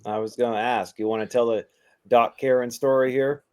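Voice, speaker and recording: A man's voice: mid-range voice, steady tone, moderate pace. A male podcast host chiming in with laid-back, amused remarks. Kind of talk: casual podcast chat.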